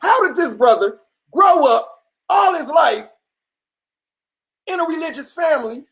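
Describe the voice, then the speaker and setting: A man's voice: very high voice, animated, a little slow, fairly bright tone, low-quality recording. A man hosting a livestream, ranting in a passionate, profane and emphatic way. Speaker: livestream host. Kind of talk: livestream rant.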